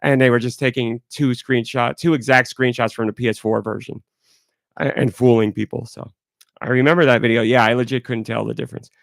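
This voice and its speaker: Male podcast host, gravelly and stuffed-up, rambling candid solo talk, dry close sound. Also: medium pitch, steady tone, fairly quick, no echo. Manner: rambling, candid, talks through it. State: congested.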